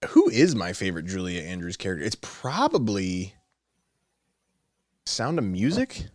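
A man's voice: deep voice, huge pitch swings, normal speed, a little mellow, dry recording. Easygoing man co-hosting a podcast, dry sound. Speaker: podcast co-host. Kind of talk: casual chat.

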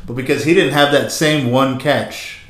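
A man's voice: mid-range voice, steady tone, moderate pace, a bit bright. A man co-hosting a podcast, chatting about sports in an easygoing way. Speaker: podcast co-host. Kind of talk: casual chat. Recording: echoey room.

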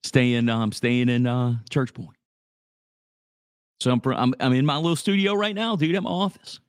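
A man from Louisiana, medium-pitched with a clean tone, hosts a live radio morning show out of a small office studio at a moderate pace. He's laid-back and chatty, says "dude" a lot, and reads ad spots between casual talk, with no room sound in the recording.

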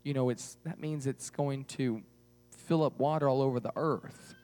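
A man's voice: mid-range voice, normal speed, warm tone, big-room sound, natural voice. A man voicing a very old man who patiently and earnestly explains things.

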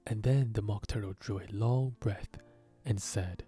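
A man narrating a storybook reading in a steady, even manner. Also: lowish voice, unhurried, breathy edge, faint music behind.

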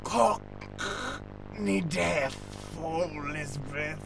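Someone doing a slow rambling Cockney woman. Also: mid-range voice, vocal fry, over music. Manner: drawling, sing-song, trails into nonsense. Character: rambling eccentric Cockney woman poisoned by tea. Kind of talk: improvised comedy audio play.

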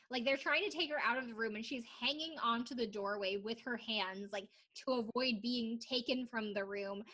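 A young woman co-hosting a laid-back podcast, her voice a bit higher than most. She recaps the drama in a lively storytelling way, swearing freely and acting out quotes. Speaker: podcast co-host. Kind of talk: casual chat recapping reality TV.

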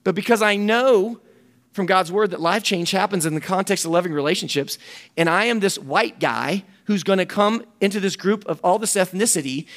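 Earnest preacher guy telling a story, kinda high voice with lots of gravel, repeats himself. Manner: animated and earnest, repeats words. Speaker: ministry director and speaker. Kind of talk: storytelling sermon talk.

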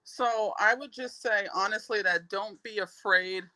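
A woman's voice: medium pitch, unhurried, pushed and bright, no echo, low-quality recording. A woman guest, a parent of an autistic child, giving emphatic, heartfelt advice in a casual conversation. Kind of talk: casual chat.

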